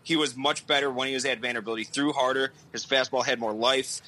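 A man's voice: medium pitch, steady tone, brisk, sharp tone, slight background noise, poor audio. A man co-hosting a casual sports podcast, blunt and opinionated, who swears freely. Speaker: podcast co-host.

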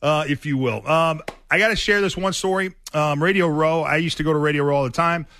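A man's voice: a little high, a little fast, a bit bright, slight background noise. Rambling male sports radio host. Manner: rambling, many fillers and restarts. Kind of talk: casual sports talk storytelling.

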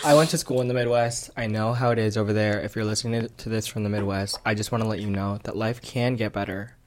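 Low-voiced teasing young woman. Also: fairly even intonation, fast. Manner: teasing, joking, blunt. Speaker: podcast co-host. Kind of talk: casual chat.

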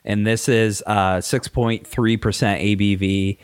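A man, co-hosting a casual podcast, laid-back and halting, with brief replies. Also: on the low side, steady tone, smooth. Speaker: podcast co-host. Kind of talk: casual chat.

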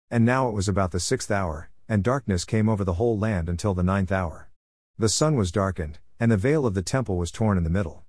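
A man reading scripture aloud in a steady, measured narration. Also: fairly low pitch, no echo, studio quality. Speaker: scripture reader.

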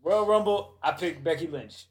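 Casting: excitable man, slightly high voice, casual podcast banter, laughs easily. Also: normal speed. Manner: laughs often, excitable, repeats himself. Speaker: podcast co-host. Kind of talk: casual wrestling chat.

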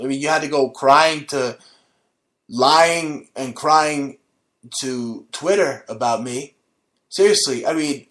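A man's voice: fairly high pitch, a bit bright. Combative ranting male show host. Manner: combative, profane, mocking. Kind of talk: ranting monologue.

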